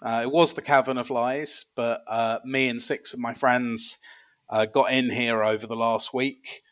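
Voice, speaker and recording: A man playing a dwarf man who runs an underground fortress, in a comic podcast bit, rambling and deadpan with many pauses. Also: mid-range voice, lightly acted.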